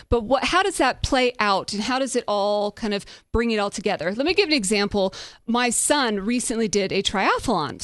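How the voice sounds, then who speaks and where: A woman's voice: on the high side, a bit bright, dry recording, studio quality. A woman in her thirties hosting a podcast, telling a story in a candid, upbeat way and now and then swearing. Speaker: podcast host.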